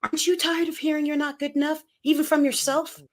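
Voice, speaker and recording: A woman in her fifties, a speaking coach giving an energetic, emphatic motivational interview and acting out quotes. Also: high-pitched, fast. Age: 50s.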